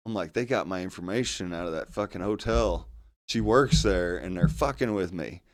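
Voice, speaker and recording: A man hosting a podcast, telling a story in a lively, profane, casual way. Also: sits low, moderate pace. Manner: animated, heavy swearing. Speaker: podcast host.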